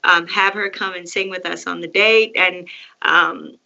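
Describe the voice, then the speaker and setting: A woman's voice: fairly low pitch, steady tone, unhurried, gravelly, pushed and bright. A woman singer, a podcast guest, talking in casual chat in an earnest, grateful and reflective way. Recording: slightly muffled lo-fi sound.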